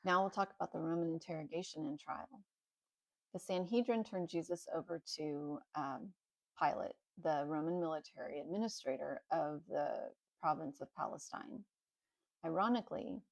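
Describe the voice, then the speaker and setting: A woman reading a Bible story aloud in a plain, steady way with small slips. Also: sits low, vocal fry, no echo, low-quality recording. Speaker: narrator.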